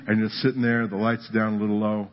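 A man preaching a conversational sermon, telling a humorous story that builds to animated emphasis. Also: on the low side, quick pace, dull audio. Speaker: pastor.

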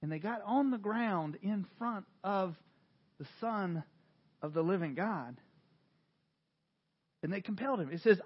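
A man preaching a sermon, retelling scripture with dramatic swings from hushed to loud, animated storytelling. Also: sits high, a little slow, husky, dull audio. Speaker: pastor.

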